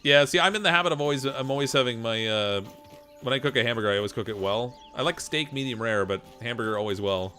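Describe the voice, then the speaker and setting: A Canadian-accented man talks casually while he plays a game, in a mid-pitched voice. He reads out chat comments and answers them in a loose, rambling way. He breaks into laughter often. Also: fast talker, pushed and bright. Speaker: gameplay streamer reading chat.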